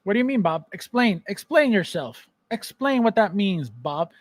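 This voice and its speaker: A man's voice: sits high, very animated, normal speed, no room sound. A man hosting a casual collectibles livestream, joking and teasing viewers by name. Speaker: podcast host.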